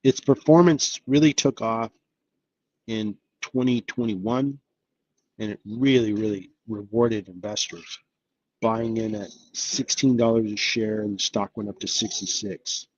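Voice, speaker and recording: A man's voice: lowish voice, steady tone, unhurried, husky, no room sound, muffled recording. A man hosting an investing live stream, talking casually and upbeat, thinking aloud with lots of fillers. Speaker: investing channel host.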